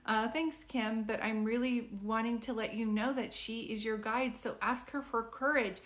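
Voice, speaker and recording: A woman's voice: fairly high pitch, fairly even intonation, moderate pace, fairly bright tone. Chatty woman medium on a phone live. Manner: chatty, reassuring, full of "like" and "do you know what I mean". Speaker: psychic medium giving live readings. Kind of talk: casual live-stream reading.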